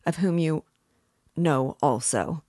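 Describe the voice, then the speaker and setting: A woman's voice: low voice, a little slow, dry recording, studio quality. Woman reading as an irritated young student. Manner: resolute, irritated. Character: irritated, proud young male student under suspicion.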